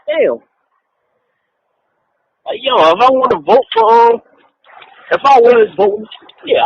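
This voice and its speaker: A man's voice: extremely high pitch, vocal fry. A man co-hosting a casual podcast, ranting in a profane, rambling way and laughing often between remarks. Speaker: podcast co-host. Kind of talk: casual chat. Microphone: online call. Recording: dull lo-fi call audio with faint hiss.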